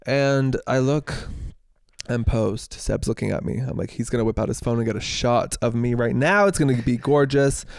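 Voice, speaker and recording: A young man co-hosting a podcast, telling a story in casual chat, animated, laughing and swearing freely. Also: medium pitch, moderate pace, vocal fry, dry recording, clean studio sound. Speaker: podcast co-host.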